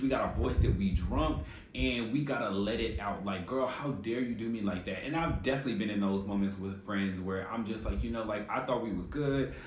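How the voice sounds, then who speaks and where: Man, sassy slangy recap host, mid pitch, echoey room. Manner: sassy, profane, animated commentary with slang. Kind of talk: casual opinionated recap. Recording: echoey room with faint noise.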